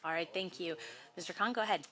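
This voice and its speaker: A woman chairing a legislative committee hearing, moving through testimony and motions in a brisk, procedural way with a light joking touch. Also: fairly low pitch, a bit bright.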